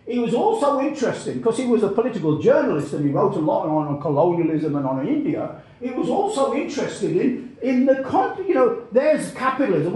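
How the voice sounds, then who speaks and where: A man's voice: sits high, darkish tone. A man giving a spoken lecture in a rambling way, repeating words and often checking in with "okay?". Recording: very echoey room.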